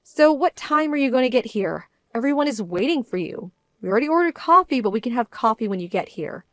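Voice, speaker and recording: Female actor, firm bride-to-be, indignant and measured, a bit high. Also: expressive, fairly bright tone, no room sound. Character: hurt young bride-to-be, composed and firm. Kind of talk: dramatized story voice acting.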